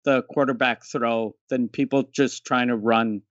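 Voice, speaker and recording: A man co-hosting a casual comedy podcast, talking haltingly with many restarts. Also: medium pitch, steady tone, fairly bright tone, no echo, muffled recording. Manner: halting, repeats and restarts often. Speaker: podcast co-host.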